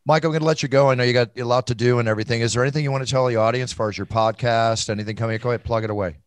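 A man's voice: medium pitch, steady tone, rapid-fire, smooth, no room sound. A man hosting a casual interview show, encouraging his guest and laughing easily. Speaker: show host.

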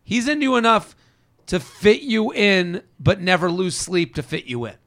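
A man's voice: sits high, moderate pace, fairly bright tone. A male podcast host giving relationship advice in casual chat, acting out example lines as he goes. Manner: talks things through, acts out example lines.

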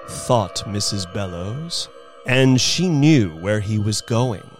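A man performing a dramatic story reading as the storyteller, expressive and unhurried. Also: mid-range voice.

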